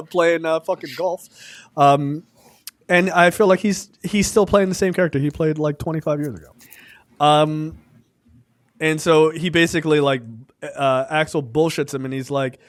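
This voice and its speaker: Man, casual film recap, fillers and acted-out quotes, slightly high voice, dry close sound. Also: moderate pace, no echo. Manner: relaxed, many fillers, acts out scenes in quoted voices. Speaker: podcast co-host. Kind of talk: casual film review chat.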